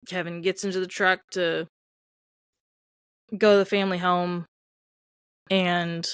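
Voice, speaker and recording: A woman's voice: on the low side, creaky, clean tone, dry recording, clean studio sound. A woman co-hosting a movie podcast, retelling film scenes in casual chat full of "like" and acted-out quotes. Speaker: podcast co-host.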